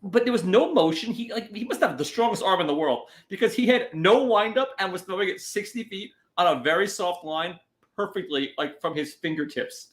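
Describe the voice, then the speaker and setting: A man's voice: high-pitched, lively intonation. Sarcastic young man riffing on a podcast. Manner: sarcastic, riffing, does quick impressions. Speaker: podcast co-host. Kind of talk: casual comedy podcast chat.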